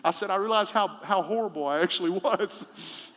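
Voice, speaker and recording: Male pastor, thirties, high bright voice, reverberant church hall, casual sermon with loud bursts. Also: normal speed. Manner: conversational preaching with sudden loud emphatic bursts. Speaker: senior pastor. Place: church sanctuary.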